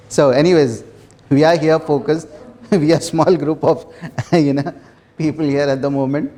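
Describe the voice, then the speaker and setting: A man leading a small self-development workshop, talking earnestly with repeated phrases and soft laughs. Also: fairly high pitch, fairly even intonation, moderate pace. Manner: earnest, repetitive, laughs softly between phrases. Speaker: workshop facilitator. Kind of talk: motivational workshop talk.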